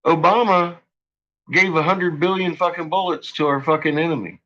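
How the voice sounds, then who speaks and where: A man's voice: a little high, fairly even intonation, moderate pace, a bit bright, muffled recording. A man ranting profanely and agitatedly on a casual live stream.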